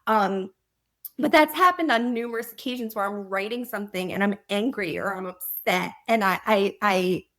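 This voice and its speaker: Animated woman author telling stories. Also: medium pitch, normal speed. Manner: animated storyteller, laughs while telling anecdotes. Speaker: author being interviewed. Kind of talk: conversational interview.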